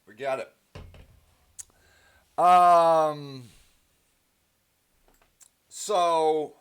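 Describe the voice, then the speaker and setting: A man's voice: a little high, a little slow, long pauses. A man hosting a casual livestream, reading comments aloud with sarcastic, indignant asides. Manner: animated and sarcastic, with indignant outbursts. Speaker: livestream host.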